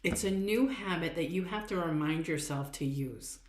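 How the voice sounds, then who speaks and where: Low-voiced chatty woman coach, echoey room. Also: moderate pace, a little hiss or hum. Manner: chatty, encouraging, repeats phrases, frequent "oh my God". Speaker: podcast host and coach. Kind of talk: casual motivational talk.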